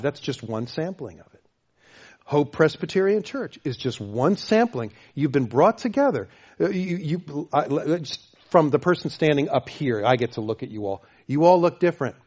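A man preaching a sermon as pastor, emphatic, repeating phrases and swinging between loud and soft. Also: fairly high pitch, dull audio. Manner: emphatic, repeats phrases, varies loudness widely.

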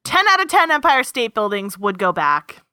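A woman's voice: on the high side, very animated, moderate pace, sharp tone, clean tone, dry recording, studio quality. A young woman co-hosting a podcast, chatting casually in a blunt, jokey way with some swearing. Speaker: podcast co-host. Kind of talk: casual chat.

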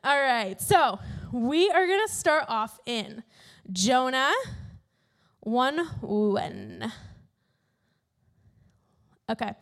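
A young woman preaching to a youth group in a relaxed, chatty way, full of slang and easy laughs. Her voice sits a bit high and bright in pitch. She reads and prays warmly but informally. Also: drawn-out words, long pauses. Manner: slangy, upbeat, laughs often. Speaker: youth pastor. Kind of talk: casual sermon.

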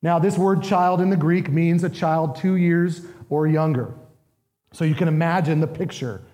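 A man's voice: fairly high pitch, moderate pace, dark tone, big-room sound. A man preaching a sermon as pastor, earnest and emphatic, asking his listeners questions.

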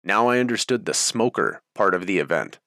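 Male memoir narrator: steady, even delivery, lower register, close dry recording. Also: a little fast, no room sound. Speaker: audiobook narrator. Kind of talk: first-person memoir narration.

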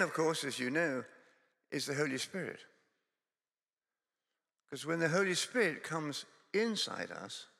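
Delivering a sermon full of humorous stories, a medium-pitched Scottish man speaks in a bright, strongly gravelly voice. His manner is chatty and self-deprecating, wandering off into jokes, while a long church reverb trails his words.

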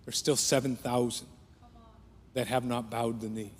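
A pastor preaching a sermon with passion, his voice rising for prayers and dropping low for quiet points. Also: flat delivery, unhurried, a little hiss or hum. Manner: impassioned preaching that swells then drops to a hush. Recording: long hall reverb.

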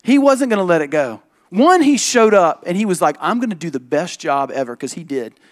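A man who is a pastor, preaching a sermon and telling a personal story with animated, emphatic delivery and quick switches into other people's voices. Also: sits high.

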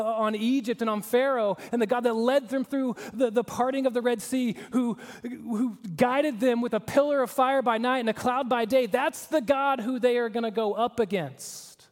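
A pastor delivers an earnest, emphatic sermon. His voice sits high for a man, and he often drops to a hushed, grave tone. The sound carries the long reverb of a large church hall. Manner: earnest, emphatic preaching with shifts to hushed tones.

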